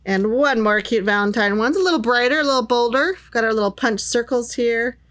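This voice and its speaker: Demonstrating craft stamps, a middle-aged woman speaks a little fast in a slightly high, somewhat bright voice. Her presentation is bubbly and gushing, sprinkled with plenty of "little" and "cute."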